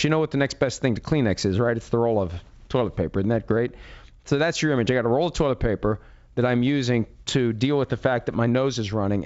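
A man hosts a loose, rambling sports talk show with self-deprecating asides and a congested, head-cold voice. His pitch sits in a middle register. The sound is a bit dull and lo-fi. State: has a head cold, runny nose. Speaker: sports radio host. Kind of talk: casual monologue.

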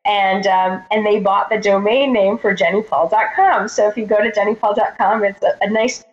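A woman's voice: mid-range voice, steady tone, moderate pace, highs cut off. A woman from Texas, an actress and producer, chatting as an interview guest, friendly and a bit hesitant with fillers. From Texas, USA. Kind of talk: casual interview chat.

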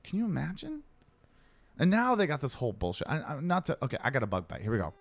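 A man's voice: medium pitch, very fast. A man telling a story in casual chat, swearing freely and acting out the other people in it. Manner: animated, swearing, acts out other people's lines.

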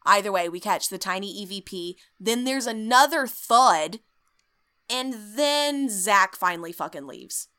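A woman hosting a podcast, recapping a ghost-hunting show in an animated, sarcastic way and swearing freely. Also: medium pitch, unhurried. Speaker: podcast host. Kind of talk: comedic storytelling recap.

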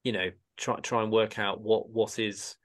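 A man's voice: fairly low pitch, steady tone, normal speed. A man hosting a casual podcast discussion, talking in a rambling way with many restarts and repeated words.

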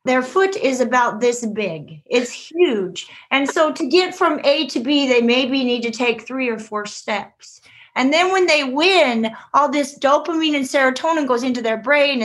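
A woman's voice: high-pitched, fairly bright tone. A woman who writes children's books, telling her story as an interview guest and acting out the voices in it. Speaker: children's book author.

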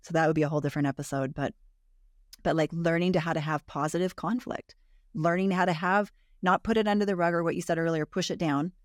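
A woman's voice: fairly low pitch, steady tone, fast, dry recording. Earnest woman explaining, dry close sound. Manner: earnest, explains research findings, repeats for emphasis. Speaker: relationship podcast guest. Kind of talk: conversational explaining.

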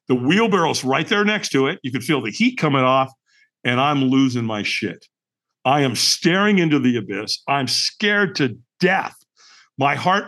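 A middle-aged man, a podcast guest, telling a personal story in an animated, emphatic way and acting out the dialogue. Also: medium pitch. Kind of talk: storytelling in conversation.

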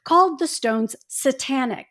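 A woman's voice: high voice, lively intonation, unhurried, a bit bright. A woman co-hosting a casual podcast with a faint Indiana accent, ranting sarcastically and swearing freely. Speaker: podcast co-host.

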